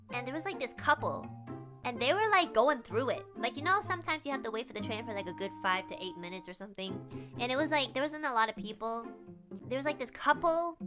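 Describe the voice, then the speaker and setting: A young woman streamer telling a story in casual chat, lively and full of "like" fillers. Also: on the high side, brisk. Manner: animated, with many "like" fillers and laughs. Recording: background music.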